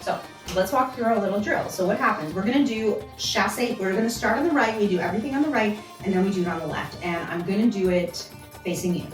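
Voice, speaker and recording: A woman teaching a belly dance class, chatting casually and counting out steps as she demonstrates. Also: mid-range voice. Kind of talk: instructional dance lesson. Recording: roomy sound from a distance, music behind.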